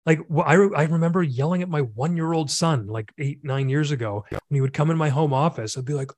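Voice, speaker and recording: A middle-aged man with a slightly higher-than-usual voice talks earnestly and reflectively, drifting into long rambles between fillers. The sound is dry and close, with no room around it. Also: a little fast, hardly any pauses, darkish tone, no room sound. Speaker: podcast host and men's coach. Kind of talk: casual conversational podcast.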